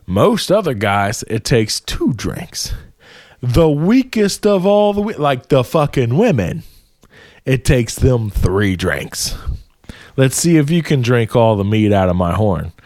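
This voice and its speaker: A man's voice: mid-range voice, big pitch swings, slow pace, darkish tone, no echo, clean studio sound. A man voicing a boastful giant king who teases his guest in a cocky, profane way.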